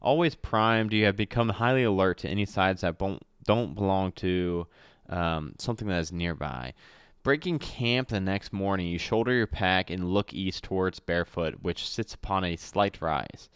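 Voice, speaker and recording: A man with a low, smooth voice reads out a solo adventure module as game master. He trips over words, corrects himself and breaks off for casual asides. The sound is close and dry, with no room around it. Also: moderate pace, a bit bright, dry recording. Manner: reads with slips and self-corrections, chatty asides. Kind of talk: reading a solo adventure aloud.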